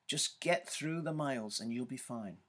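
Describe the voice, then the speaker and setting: A man reading a calm, steady inner voice. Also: medium pitch, moderate pace, close to an everyday voice. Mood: reassuring. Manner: calm, reassuring.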